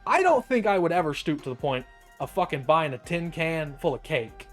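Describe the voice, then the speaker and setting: A man's voice: fairly high pitch, very animated, moderate pace, soft background music. A young man streaming, reading an article aloud and riffing on it in a profane, incredulous, joking way. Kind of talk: casual reading and commentary.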